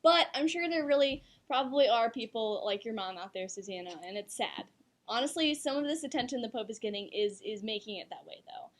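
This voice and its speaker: High-voiced giggly young woman co-host. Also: animated, fairly quick. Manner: giggly, gushing, lots of "like". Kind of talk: casual chat.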